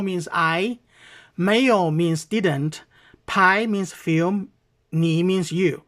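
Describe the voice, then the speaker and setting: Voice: medium pitch, a bit bright. A video commentator with a Chinese accent, reacting to a clip, explaining it word by word and often asking "okay?" in a heated, accusing way.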